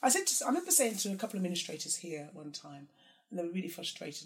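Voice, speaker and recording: Brief: woman guest, gravelly, animated, mimics others in quotes. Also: racing. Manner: animated, acts out quotes in high mocking voices. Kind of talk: candid conversation.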